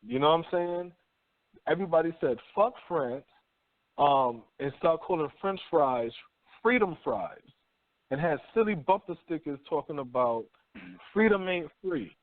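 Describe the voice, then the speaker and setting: A man's voice: fairly high pitch, unhurried, dry recording. A man hosting a talk radio show, rambling through a profane, slangy monologue and acting out people in mock voices. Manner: animated storytelling with mock quoted voices. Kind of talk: casual monologue. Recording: tinny phone-line audio.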